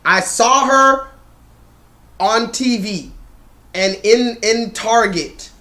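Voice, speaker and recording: A man hosting a live stream, ranting loudly and mockingly with lots of profanity and talking to his chat. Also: very high-pitched, extremely slow. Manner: profane, loud, mocking rant addressing chat.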